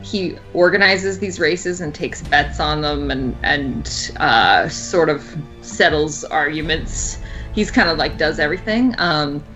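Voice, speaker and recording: A woman describing her character's plans in a tabletop game, pausing often and hesitantly. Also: low-pitched, a bit bright, soft background music, low-quality recording. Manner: hesitant, many fillers. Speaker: player.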